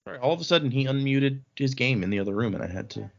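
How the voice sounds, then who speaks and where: A man hosting a casual book discussion podcast, retelling a scene in a rambling, animated way with lots of filler words. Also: mid-range voice, rapid-fire, creaky, dull audio. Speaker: podcast host.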